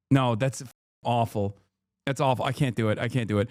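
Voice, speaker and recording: A man's voice: medium pitch, steady tone, a little fast, darkish tone, no echo, clean studio sound. A man in his thirties streaming live political commentary, mocking and profane, with lots of animation.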